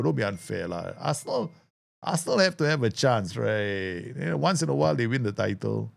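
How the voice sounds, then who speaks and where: Male streamer, lively swinging pitch, chatty with sudden excited bursts. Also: gravelly. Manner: chatty, laughs often, excitable outbursts. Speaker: gaming streamer. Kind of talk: casual live game commentary.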